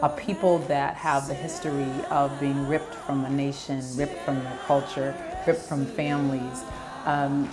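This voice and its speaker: A middle-aged woman, a choir director and composer, answering interview questions with heartfelt storytelling. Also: low voice. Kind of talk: interview answers, personal stories.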